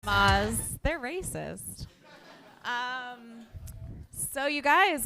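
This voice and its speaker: A woman's voice: fairly high pitch, animated, slow pace, sharp tone, a little hiss or hum. A woman hosting a comedy show on a theater stage, bubbly and playful as she introduces the acts.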